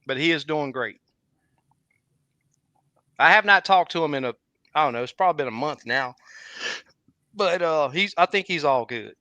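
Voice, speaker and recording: A man's voice: on the high side, animated, moderate pace, pauses often, bright, forceful tone, dry recording, highs cut off. A man hosting a casual fishing livestream, talking with many restarts. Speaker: fishing guide and livestream host.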